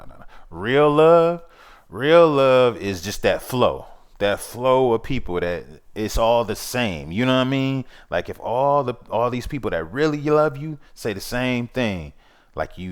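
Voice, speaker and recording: A man's voice: on the low side, clean tone. A man hosting his own vlog, talking in a rambling, earnest and somewhat preachy way, often repeating "you know what I mean". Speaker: vlog host. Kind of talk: casual monologue.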